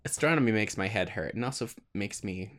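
A man co-hosting a podcast in casual chat, playful and animated. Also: lowish voice, fast. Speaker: podcast co-host.

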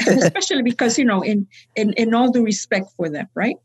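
A woman's voice: on the high side, animated, a little fast, husky, low-quality recording. A woman telling a long church story in conversation, acting out the people she quotes. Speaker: guest speaker.

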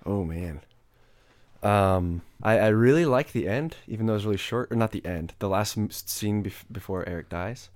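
A man appearing as a podcast guest, speaking haltingly with lots of restarts and "like"s. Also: fairly low pitch, a little mellow, no room sound. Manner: halting, restarts words, many "like"s. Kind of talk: casual chat.

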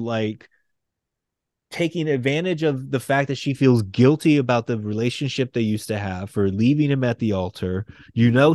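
A young man, co-hosting a podcast, recapping comic books in a casual, excitable, profane way and acting out quotes. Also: mid-range voice, no room sound, studio quality. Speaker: podcast co-host.

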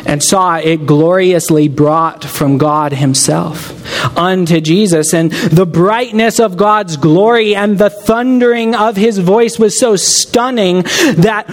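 A man's voice: sits high, long reverb tail. A man preaching a sermon, earnest and emphatic, making direct appeals to his listeners.

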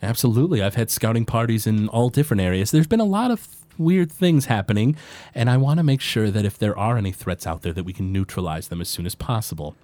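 A man voicing a formal male military commander, speaking in a measured, halting way. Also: fairly low pitch, lively intonation, darkish tone, no room sound, lightly acted.

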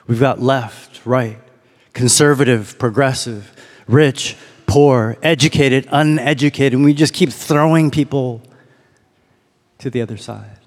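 A man preaching a sermon as pastor, reflective, slowing down to read and linger on lines. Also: medium pitch, big-room sound.

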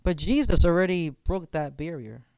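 A man's voice: a little high, expressive, normal speed, creaky, a little mellow, smooth, no room sound. A man leading a reflective faith discussion as campus minister, speaking earnestly and often repeating words as he thinks aloud.

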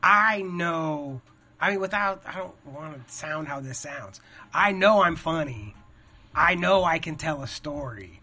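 A man with a high, very bright voice chats on a podcast as a comedian. He muses openly about his craft and doubts himself, with casual swearing. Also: animated, unhurried.

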